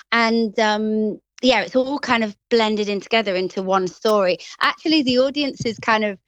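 Chatty Grimsby woman, bright and quick. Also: fairly high pitch, dry recording, lo-fi sound. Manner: chatty, quick, laughs often, slips into quoted voices. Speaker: actress, interview guest. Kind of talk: casual interview chat.

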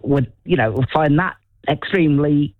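A man's voice: on the high side, unhurried, no echo, phone-quality sound. A man with a Birmingham accent talking casually and hesitantly, often restarting his sentences. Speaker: conversation partner. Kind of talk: casual chat.

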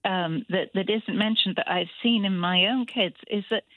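A woman's voice: mid-range voice, normal speed, dry recording. A middle-aged woman calling into a radio show, talking thoughtfully and a little hesitantly about her grown children. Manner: reflective, hesitant with fillers. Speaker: caller. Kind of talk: phone-in chat. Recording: tinny phone line.

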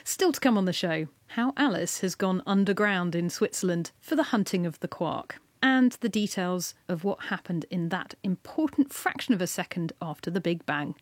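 A woman's voice: fairly low pitch, lively intonation, normal speed, hardly any pauses, no echo. A woman hosting a radio science program, reading scripted links to upcoming segments. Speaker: radio show host. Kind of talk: broadcast radio presenting.

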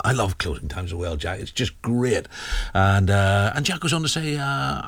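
A man's voice: lowish voice, big pitch swings, brisk, creaky, slightly rough, no echo. A man presenting a late-night radio show, chatting and reading out listener texts. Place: radio studio. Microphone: studio microphone.

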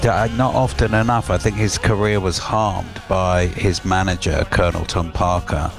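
A man's voice: low voice, fairly even intonation, moderate pace, gravelly, music in the background. A man co-hosting a radio chat show, opinionated, often stopping and restarting his sentences. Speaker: radio co-host.

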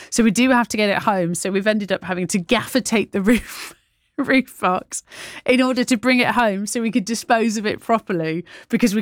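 A woman's voice: medium pitch, no echo. A woman presenting breakfast radio in a studio, chatty and rambling, laughing through her own stories. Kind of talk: casual live radio chat. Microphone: studio microphone.

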